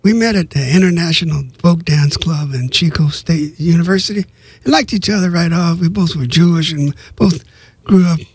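Husky older man reading his memoir. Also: a little high, moderate pace, no echo. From Southern California. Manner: conversational, with asides and fillers. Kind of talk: reading aloud from his book.

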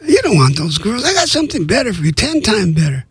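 A man voicing a proud male restaurant owner who talks quickly and boastfully in a memoir reading. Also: sits high, big pitch swings, husky, dry recording, studio quality, pitched above the performer's own voice, heavily acted.

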